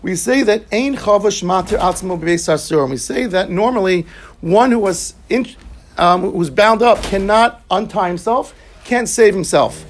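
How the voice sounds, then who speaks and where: A man's voice: high voice, normal speed, a little hiss or hum. A man teaching a Talmud class, reading the Aramaic and explaining it line by line in English.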